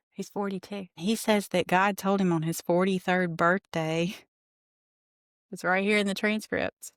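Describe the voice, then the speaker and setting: A podcast host with a medium-pitched voice delivers chatty, indignant commentary on a reality TV rewatch, recapping scenes and reading quotes aloud. The sound is clean studio audio with no echo.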